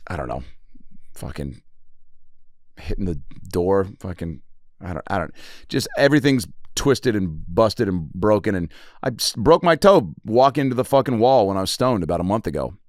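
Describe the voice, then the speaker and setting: A man around forty, a comedian hosting his podcast alone, rambling through profane stories and jumping into quick character voices. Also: lowish voice, no room sound, clean studio sound. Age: 40s. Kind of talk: solo comedic storytelling.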